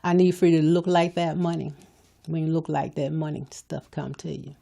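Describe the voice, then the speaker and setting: An older woman hosts her own podcast with a low, mellow voice. She gives a folksy motivational talk and speaks straight to her listeners, the way a preacher would. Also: level tone, normal speed, vocal fry. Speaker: podcast host.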